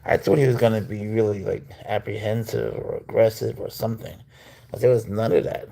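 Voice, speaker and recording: A man's voice: fairly low pitch, fairly even intonation, brisk, gravelly, warm tone. A man hosting a casual livestream, cooing to his pet cat and reading out viewer comments. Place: at home.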